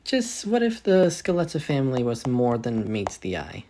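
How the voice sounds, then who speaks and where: A man's voice: medium pitch, normal speed, slight background noise. A man casually narrating a fan story, rambling and correcting himself as he goes. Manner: rambling, self-correcting, animated.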